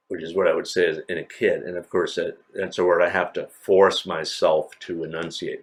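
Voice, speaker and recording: A man's voice: deep voice, steady tone, moderate pace. An older man from New England with a slight New England accent, giving a rambling university lecture full of fillers and restarts. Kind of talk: recorded classroom lecture.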